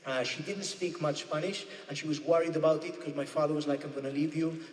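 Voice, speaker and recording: A man's voice: a little high, steady tone, brisk. A man doing live stand-up comedy in a church, chatty and constantly checking in with the audience. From United Kingdom. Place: church used as a venue. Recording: echoey church hall from a distance.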